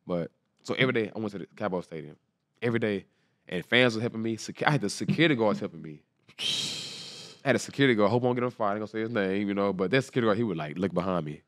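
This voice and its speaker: A man's voice: on the low side, racing, no room sound, studio quality. A young man in his twenties, a football player, earnestly retelling an emotional story and acting out everyone's lines. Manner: animated, acts out the dialogue of people in his story. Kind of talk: casual storytelling interview.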